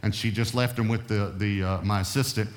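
A man's voice: lowish voice, steady tone, fairly quick. A male pastor delivering a sermon, emphatic and checking in with his congregation. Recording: long reverb of a large hall.

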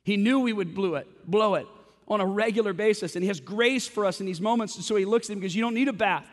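High-voiced male pastor in an echoing hall. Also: fast. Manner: conversational, rhetorical questions, frequent word repeats. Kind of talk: sermon. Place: church service. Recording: long hall reverb.

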